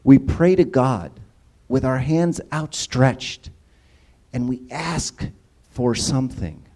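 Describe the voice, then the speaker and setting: A man's voice: medium pitch, slow pace, darkish tone. A man giving a conversational sermon-style talk, often asking the audience questions and checking in with "right?". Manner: casual, engages audience with questions and repeated "right?". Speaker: church speaker.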